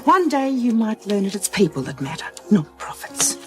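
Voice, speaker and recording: An actress playing an angry, fed-up wife in a 1980s TV soap, sharp and accusing. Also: female voice, medium pitch, big pitch swings, normal speed, close to an everyday voice. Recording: soap clip with music behind.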